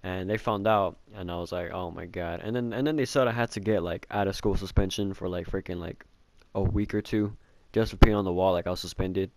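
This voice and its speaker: A man's voice: low-pitched, steady tone, fairly quick, a little mellow, slight background noise. A young man telling a casual storytime about his childhood, rambling with lots of filler words and swearing, mocking himself. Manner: self-mocking. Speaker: vlogger.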